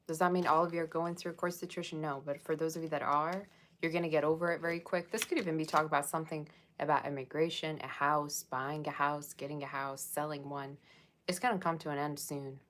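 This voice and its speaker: Woman, low voice, tarot reader, chatty, rambling, talks to viewers. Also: level tone, fast, fairly bright tone. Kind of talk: casual tarot reading to viewers.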